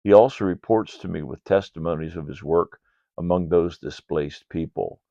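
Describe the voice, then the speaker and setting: Older man, very low gravelly voice. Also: normal speed, dark tone, no echo. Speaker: ministry leader reporting to donors. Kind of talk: read-aloud ministry report. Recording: dull, dry lo-fi sound.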